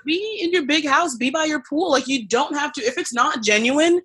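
A woman's voice: high-pitched, normal speed, a bit bright. A woman co-hosting a casual pop-culture chat, rambling with many fillers. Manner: chatty, lots of "like", rambling. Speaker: podcast co-host.

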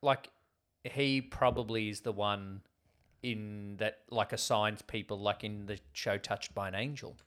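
Chatting loosely about a film, another male podcast co-host rambles and lets his thoughts trail off with "like." He talks on the low side at a measured pace, steady in tone and a bit bright.

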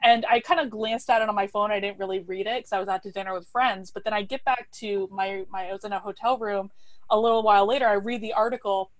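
A woman in her thirties, a podcast guest telling a story in a casual, animated way, laughing often and restarting her sentences. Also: medium pitch, fast talker, no echo.

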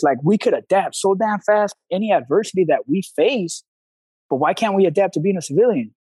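Male coach guest, high-pitched, blunt storyteller with slang, recorded dry and close. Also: expressive, fast, a little mellow, husky, no room sound, rough recording. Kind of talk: casual interview talk.

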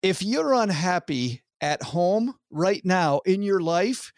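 A cheerful Italian tour guide pitches his trips in a thick, hammy Italian accent, as a man puts him on. The voice sits a little high with a gravelly edge. The recording is dry and close. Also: animated, slow, no room sound, full character voice. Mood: confiding. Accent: put-on Italian. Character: jolly male Italian tour guide, folksy.

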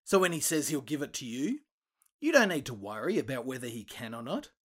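A man retelling a Bible story for children, lively and expressive, acting out the quoted lines. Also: a little fast. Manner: animated, acts out quoted voices with big pitch jumps.

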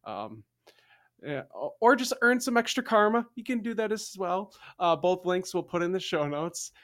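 A man's voice: high voice, animated, moderate pace, fairly bright tone. A man co-hosting a casual history podcast, chatty and jokey, often trailing off and restarting. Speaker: podcast co-host.

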